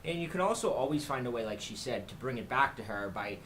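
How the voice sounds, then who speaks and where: A man's voice: medium pitch, expressive, fast, fairly bright tone, a little hiss or hum, rough recording. A man hosting a casual dating-advice chat, rambling, restarting, and asking his guest questions. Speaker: dating coach host.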